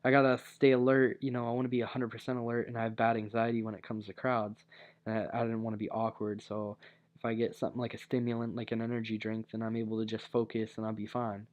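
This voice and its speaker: A man's voice: lowish voice, flat delivery, fast, a little mellow. A young man casually telling a personal story, rambling with many fillers and restarts. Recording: dull lo-fi recording.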